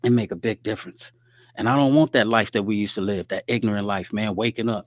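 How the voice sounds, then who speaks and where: A man's voice: fairly low pitch, a little fast, no echo, clean studio sound. A man giving a streetwise, preachy faith-based talk straight to his listeners.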